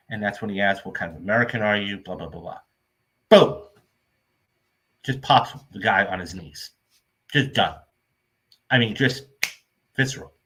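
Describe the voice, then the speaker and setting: A man's voice: lowish voice, sharp tone. A man hosting a film review show, retelling movie scenes in a rambling, casual recap full of "okay?" check-ins.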